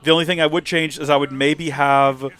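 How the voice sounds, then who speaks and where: Brief: male gaming streamer, slightly high pitch, animated tangents, casual delivery. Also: a little fast. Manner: rambling, animated, acts out quotes. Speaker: let's play streamer. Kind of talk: casual gaming livestream commentary.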